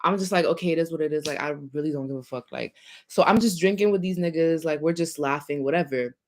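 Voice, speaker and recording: Young woman ranting in a profane storytime. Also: quick pace. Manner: animated, profane, heavy use of filler "like"; swings between loud emphasis and low muttered asides. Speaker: vlogger. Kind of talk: casual storytime rant.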